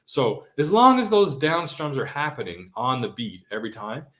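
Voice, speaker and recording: A man's voice: medium pitch, sing-song, normal speed, a bit bright. A man giving a live-streamed guitar lesson in a casual, chatty way, often checking in with "okay?" and counting beats aloud. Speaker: guitar teacher. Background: his own acoustic guitar strumming.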